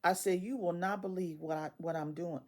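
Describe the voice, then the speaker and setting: A woman in her sixties, a retiree telling a story casually, animated and quoting others in dialogue, often laughing as she talks. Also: on the low side, brisk.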